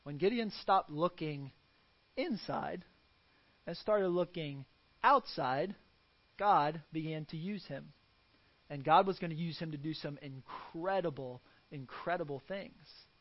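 A man's voice: a little high, measured pace, dull audio. A man preaching a sermon as pastor, earnest and fond of rhetorical questions.

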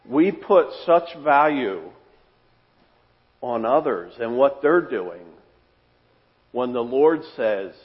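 A man preaching a sermon as pastor, earnest and repeating phrases for emphasis, his voice trailing off softly at the ends of phrases. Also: medium pitch, big pitch swings, slow, long pauses. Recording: dull sound with long hall reverb.

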